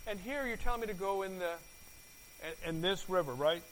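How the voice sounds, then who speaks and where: A man preaching a sermon, asking his congregation questions and repeating words, his volume swinging from loud to soft. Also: high-pitched, brisk, a little hiss or hum, poor audio. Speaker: pastor.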